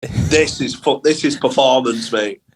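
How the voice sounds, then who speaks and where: Young comedian from England, casual sweary storyteller, lively and quick to laugh. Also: male voice, medium pitch, low-quality recording. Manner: sweary, animated anecdotes with laughs. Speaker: comedian guest.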